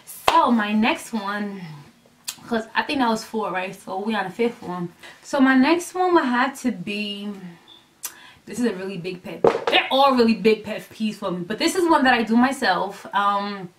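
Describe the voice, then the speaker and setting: A woman vlogging to her camera in a casual, animated way, blunt and emphatic with some swearing, rambling as she loses her thread. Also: mid-range voice, normal speed, background noise. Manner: rambling and chatty, losing her train of thought. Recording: voice a little distant from the mic.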